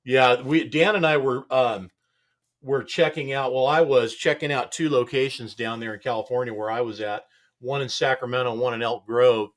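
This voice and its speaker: A man hosts a relaxed studio chat at a middle pitch. He talks in a loose, rambling way and often chuckles between thoughts. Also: moderate pace. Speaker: show host.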